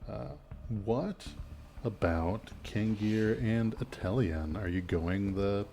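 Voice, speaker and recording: A man narrating a tabletop game as game master, relaxed and halting, with many fillers. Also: lowish voice, a little hiss or hum.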